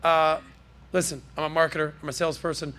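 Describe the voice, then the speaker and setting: A man's voice: fairly high pitch, little pitch movement, fast talker, a bit bright. A man hosting a casual pop-culture podcast, riffing in a brash, jokey, salesman-like way from a podcast studio. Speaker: podcast host.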